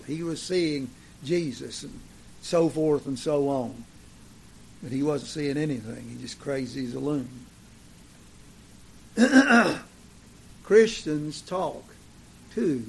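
A man preaching a sermon, swinging between emphatic declarations and relaxed, folksy storytelling with plenty of fillers. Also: a little high, a little hiss or hum.

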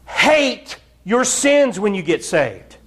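A man's voice: high-pitched, sing-song, slow pace, fairly bright tone. A man preaching a fiery, blunt sermon in church, scolding the congregation. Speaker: pastor.

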